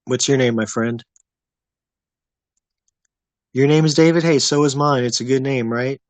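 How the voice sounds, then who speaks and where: Male streamer, mid-pitch, easygoing rambling chat, dry close sound. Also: steady tone, fairly quick, no room sound. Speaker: livestream host. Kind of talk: casual livestream chat with viewers.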